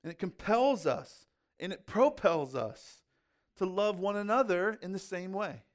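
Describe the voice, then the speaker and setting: A man's voice: high voice, animated, a little slow. A man preaching a sermon in a conversational way, with rhetorical questions and casual asides. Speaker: pastor.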